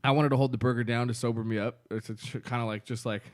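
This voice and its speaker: A man co-hosting a podcast, telling a long story in casual chat, laughing often and acting out loud quotes. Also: medium pitch, fairly even intonation, quick pace. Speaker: podcast co-host.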